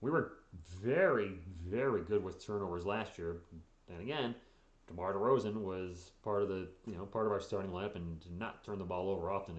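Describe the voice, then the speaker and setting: A man's voice: fairly low pitch, roomy sound, highs cut off. Chatty man hosting a sports stream. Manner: chatty, reacts to games and reads chat aloud. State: tired, yawning. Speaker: live-stream sports host. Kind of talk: casual live-stream sports chat.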